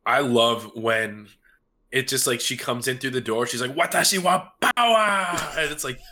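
A man's voice: medium pitch, fairly even intonation, moderate pace, pushed and bright, a little hiss or hum. A man chatting casually about an anime, rambling with lots of fillers. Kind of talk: casual chat.

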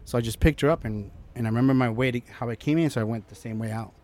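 A young man, a guest in a casual interview, telling a personal story with lively acted-out quotes and frequent restarts. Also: mid-range voice, rapid-fire. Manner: animated, acts out quotes, many restarts.

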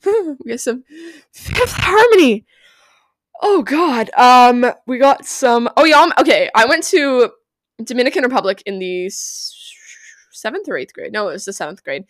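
A young woman chats through her old playlists on a solo podcast, swearing freely and bursting into loud laughs. Her voice sits a little high. The sound is dry and close, with no room around it. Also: sing-song, measured pace, dry recording. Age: young adult. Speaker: podcast host. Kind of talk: casual solo podcast chat. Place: bedroom.

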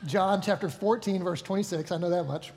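A man with a high-pitched voice preaches a sermon in an easy, joking way. He stops to correct himself and talks to the room like friends. The sound rings with the long reverb of a large hall. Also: a little fast, a little mellow. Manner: casual, joking, self-correcting. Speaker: pastor. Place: church hall.

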